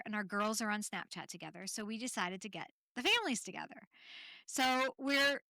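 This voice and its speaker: A chatty woman from Canada hosting her own podcast, spinning loose, laughing stories packed with ums and tangents. Her voice is bright and forward on a close mic, and the dry room adds no echo. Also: a little high, animated, fairly quick. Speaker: podcast host. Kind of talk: solo podcast storytelling.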